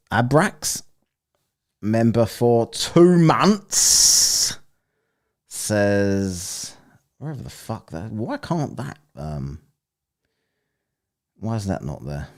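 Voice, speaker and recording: A man's voice: on the low side, sing-song, extremely slow, pauses often. A man hosting a casual live-stream, rambling, swearing and laughing as he plays listener clips. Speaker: streamer hosting a soundbite contest.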